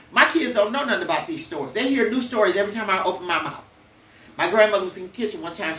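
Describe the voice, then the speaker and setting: A woman's voice: fairly low pitch, fairly bright tone, echoey room, far from the mic, a little hiss or hum. An older woman hosting a podcast, telling blunt, preachy personal stories with cursing. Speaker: podcast host. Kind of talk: emotional personal monologue.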